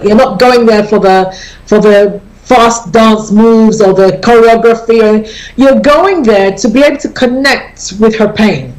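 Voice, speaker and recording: A woman with a fairly high voice hosts a radio talk show from a studio. She chats in an easy, explanatory way and circles back to repeat her key points. Her tone is relaxed and conversational, like someone coaching listeners. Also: low-quality recording.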